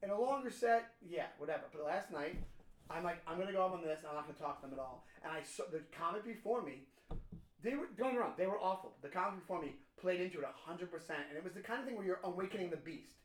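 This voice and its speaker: A man co-hosting a podcast, telling a story in casual chat, animated and swearing as he acts out what people said. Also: sits high, fast, echoey room. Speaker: podcast co-host, comedian.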